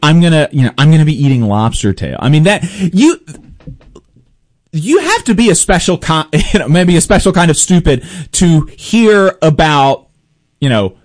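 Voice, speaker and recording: A male host delivers casual political commentary in a fairly high voice that swings widely in pitch. He sounds exasperated and sarcastic, often restarting his sentences. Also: darkish tone.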